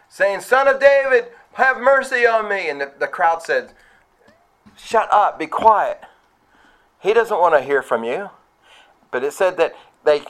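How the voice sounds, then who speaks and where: Male pastor, slightly high voice, conversational sermon, acts out quotes with sharp pitch jumps. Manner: conversational preaching with asides to the congregation.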